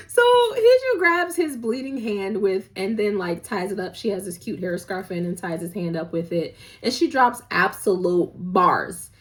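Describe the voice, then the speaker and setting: A woman's voice: medium pitch, sing-song, unhurried. A woman hosting a casual drama recap, talking in a playful, gossipy, slangy way and acting out the characters' lines.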